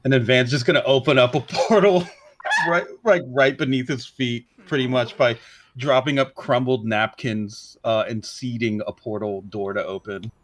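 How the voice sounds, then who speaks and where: A man playing in a tabletop game, speaking in a low-key, dry way. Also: normal speed. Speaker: player.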